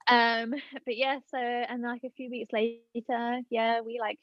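A woman's voice: a little high, flat delivery, measured pace. A young woman from Britain, a podcast guest telling a story in casual chat, full of "like" and "um". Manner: chatty, filler-heavy with many "like" and "um". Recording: dull lo-fi dry sound.

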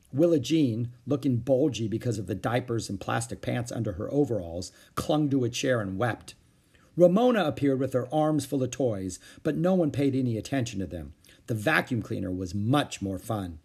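In a husky, medium-pitched voice and at a moderate pace, a man reads a children's book aloud with expressive storytelling.

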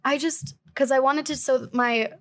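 A woman in her twenties co-hosting a podcast, chatting casually and acting out quotes with a lifted, animated voice. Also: sits high, measured pace. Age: 20s. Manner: animated, acts out quotes with a raised voice. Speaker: podcast co-host. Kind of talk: casual chat.

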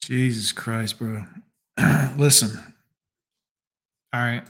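A man's voice: mid-range voice, steady tone, very slow, gravelly, a bit bright. A man hosting a reaction video, making sarcastic, mocking asides in casual, profane commentary.

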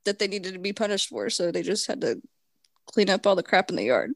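A young woman on a casual podcast, recorded close and dry with no room sound. Her pitch moves a lot as she tosses off wry one-liners and laughs. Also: expressive, no echo. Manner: dry quips, quick laughs. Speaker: podcast co-host. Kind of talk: casual chat among friends.

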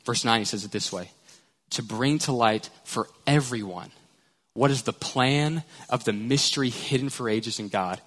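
Animated male pastor in a reverberant church. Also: mid-range voice, normal speed. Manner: animated, storytelling. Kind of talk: sermon. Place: church sanctuary.

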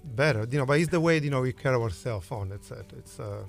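A middle-aged man with a strong Sicilian Italian accent, Italian native, a restaurant owner answering interview questions in a halting way with many fillers. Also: medium pitch, expressive, gravelly, soft background music. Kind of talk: casual interview.

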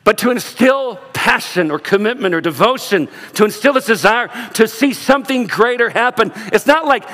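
High-voiced man preaching in a hall. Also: moderate pace, few pauses. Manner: animated preaching, acts out quoted voices. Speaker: pastor. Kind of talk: sermon. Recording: long reverb of a large hall.

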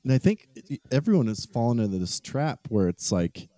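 A man co-hosting a casual podcast chat, relaxed, laughing easily and reading bits from an article. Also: medium pitch, moderate pace, no room sound. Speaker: podcast co-host.

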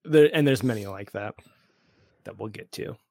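A man hosting a casual podcast chat, animated and laughing, with the hiccups. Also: normal speed, creaky, no echo, clean studio sound. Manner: animated, laughing, mimics characters in high voices. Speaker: podcast host.

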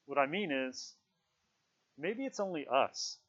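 A quiet, earnest boy voiced by a man, halting and slow as he searches for his words. The recording is dull and lo-fi. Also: a little high, expressive, exaggerated voice. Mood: hesitant. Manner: hesitant, halting.

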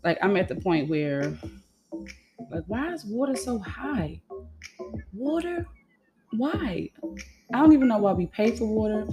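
A fairly low-voiced woman venting on her podcast, frank and exasperated. She rambles through her story in loose, run-on sentences and swears freely, with music playing clearly behind her. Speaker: podcast host. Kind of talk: solo venting monologue.

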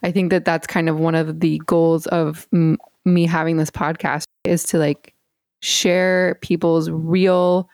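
A woman's voice: sits low, level tone, a little slow, a little mellow, no echo, clean studio sound. A woman hosting a podcast, talking earnestly and casually with lots of "like" and "you know" fillers. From United States. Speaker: podcast host.

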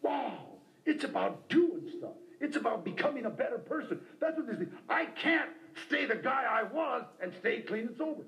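Animated middle-aged man telling his story. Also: extremely high pitch, moderate pace, gravelly, few pauses. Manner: animated, impassioned, acts out voices. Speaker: speaker at a recovery meeting. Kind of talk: personal storytelling talk. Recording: roomy hall on cassette tape.

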